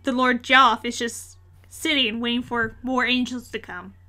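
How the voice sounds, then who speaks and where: Bright-voiced woman player, playful. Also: on the high side, fairly even intonation, unhurried. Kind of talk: casual tabletop play.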